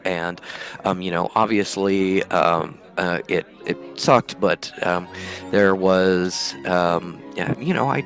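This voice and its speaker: A man voicing a nervous, flustered woman in a tabletop game, stammering and halting as he talks. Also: lowish voice, a bit bright.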